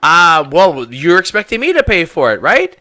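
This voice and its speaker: A shrewd woman trader in her forties, as a game master puts her on, raised high with a swinging, lively delivery. She stammers when surprised and turns prickly and indignant when money comes up. Her tone is bright and forward, set close to the mic. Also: clean tone, heavily acted. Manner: flustered and haggling, quick to take offense.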